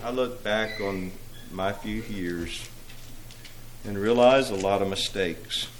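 A male preacher speaking quietly and reflectively before reciting a poem in a sermon. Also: fairly low pitch, slow pace, a little hiss or hum.

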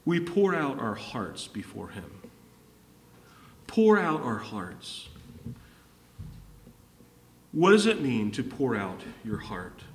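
A pastor preaching a sermon, repeating his key phrases and swinging from emphatic high points down to low, quiet lines. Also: very animated, takes it slowly, pauses often. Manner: repetitive, rising to emphatic peaks and dropping low. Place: church hall. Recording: echoey hall from far off.

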